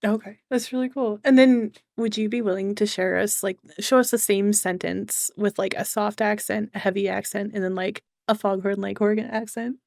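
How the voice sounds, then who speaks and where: A woman's voice: medium pitch, steady tone, moderate pace, vocal fry, hardly any pauses, a little mellow, dry recording. Woman, Canadian accent, interview host, curious questioning, dry close sound. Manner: curious, asks questions, frequent small reactions. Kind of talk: casual interview.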